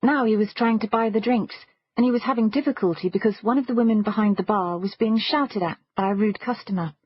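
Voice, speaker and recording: A woman narrating a first-person audiobook thriller in a measured storytelling manner. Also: on the high side, husky, no room sound, dull audio.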